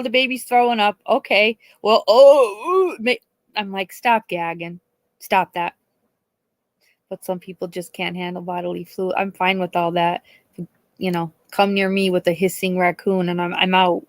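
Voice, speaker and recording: A woman's voice: fairly low pitch, dry recording. A middle-aged woman telling a long, chatty story on a live stream, swearing and laughing, and acting out the people she quotes. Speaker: host.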